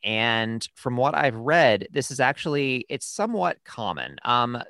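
A man co-hosting a casual parenting chat, explaining things in a steady, reassuring way. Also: mid-range voice, measured pace, creaky, no echo. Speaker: podcast co-host and parent.

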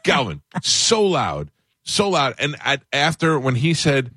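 A man hosting a talk radio show, telling a funny story and mimicking loud people in a raised voice. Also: measured pace, no echo. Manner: animated, acts out other people's shouting in a higher voice.

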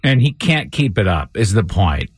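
A man's voice: on the low side, sing-song, slightly rough, dry recording, clean studio sound. Upbeat male morning radio host. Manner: upbeat, brisk announcer delivery. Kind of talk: morning radio show banter. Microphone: studio mic.

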